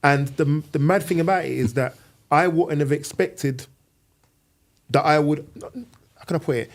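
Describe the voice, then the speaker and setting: A man's voice: on the high side, measured pace. A middle-aged man, co-hosting a group chat, speaking thoughtfully and openly about his feelings. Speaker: podcast co-host.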